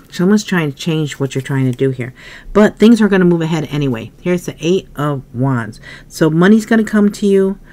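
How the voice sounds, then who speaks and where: A woman giving a casual tarot reading, musing aloud as she turns cards, often coughing and clearing her throat. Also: deep voice, lively intonation, moderate pace, mellow. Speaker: tarot reader.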